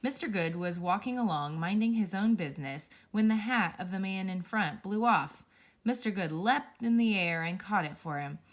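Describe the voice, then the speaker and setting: A woman reading a children's picture book aloud, telling it with playful, expressive storytelling. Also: medium pitch, normal speed. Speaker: storybook reader.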